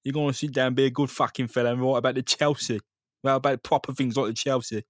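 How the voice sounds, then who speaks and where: A man's voice: mid-range voice, fairly even intonation, fast talker, no echo, clean studio sound, close to an everyday voice. A man voicing a foul-mouthed male crime boss who is blunt and mock-friendly. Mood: menacing.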